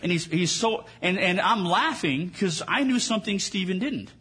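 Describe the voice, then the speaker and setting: Husky-voiced pastor preaching conversationally. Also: male voice, sits high, lively intonation, normal speed, fairly bright tone. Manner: conversational storytelling with restarts. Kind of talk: sermon.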